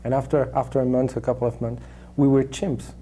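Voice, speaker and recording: A man with a French accent, a native French speaker raised in Switzerland, answering interview questions in a halting way with many restarts and fillers. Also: mid-range voice, flat delivery, dark tone, a little hiss or hum. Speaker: actor, interview guest.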